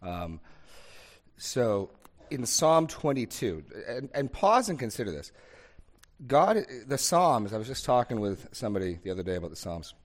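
A man's voice: mid-range voice, sing-song, moderate pace. A man leading a Bible discussion as pastor, speaking earnestly, thinking aloud with small restarts and building points through rhythmic repetition. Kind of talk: unscripted teaching in a sermon discussion.

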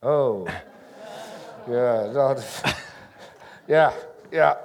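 In a sermon followed by audience questions, a middle-aged pastor talks very slowly in a gravelly, darkish voice of medium pitch. He keeps things conversational and self-deprecating, acting out pieces of dialogue as he goes.

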